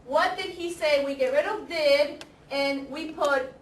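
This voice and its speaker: Slow, high-voiced woman teaching a class. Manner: slow, deliberate, repeats example sentences and quizzes students. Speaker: ESL teacher. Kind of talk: classroom grammar lesson. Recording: echoey classroom, camera far off, faint noise.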